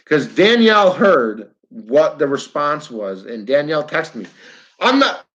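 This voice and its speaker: A man's voice: fairly high pitch, very animated, a little slow, fairly bright tone, lo-fi sound. A man with a New York accent ranting bluntly on a livestream, repeating himself and talking straight to his viewers. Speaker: flat earth livestreamer. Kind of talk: fired-up livestream rant.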